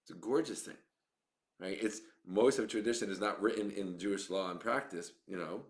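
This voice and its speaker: A man's voice: fairly low pitch, normal speed. A man speaking as a rabbi in a teaching monologue, often restarting phrases and tagging lines with "right?" and "okay?".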